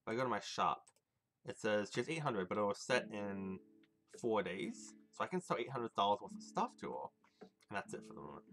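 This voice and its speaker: Man, streamer, animated delivery, casual rambling talk, music in background. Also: fairly low pitch, fairly quick, creaky. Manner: chatty, rambling, swears casually, answers chat. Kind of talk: casual gaming stream chat. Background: game music.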